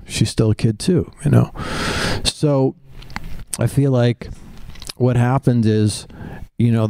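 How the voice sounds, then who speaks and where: Candid, gravelly man sharing at a meeting. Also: lowish voice, dark tone, no room sound. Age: 40s. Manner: candid and profane, halting with fillers. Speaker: member sharing at a recovery meeting. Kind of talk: personal share at a twelve-step meeting. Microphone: handheld microphone on a PA.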